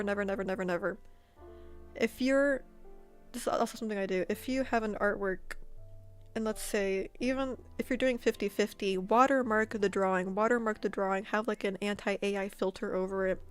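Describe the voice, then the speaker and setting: A woman who streams and makes art tells her chat a story, casual and animated, laughing a lot and repeating words. Her mid-range voice is clean and moves at a normal speed, with faint music playing behind her.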